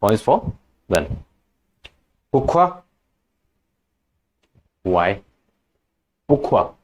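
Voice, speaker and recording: A man teaching French question words in a slow, patient lesson, repeating each word and example. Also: fairly low pitch, sing-song, darkish tone. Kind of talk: language lesson.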